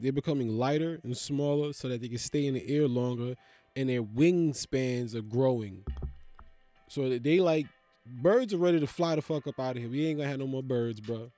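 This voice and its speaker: A man from the United States delivering a profane, incredulous comedic rant, with loud, animated jumps in his delivery. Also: fairly high pitch, no echo.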